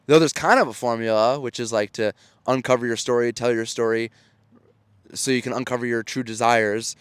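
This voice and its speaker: A man's voice: mid-range voice, steady tone, brisk, smooth, no room sound. A man in his thirties hosting his own show in a casual solo monologue, earnest and encouraging, often restarting his sentences. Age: 30s. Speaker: podcast host and storytelling coach.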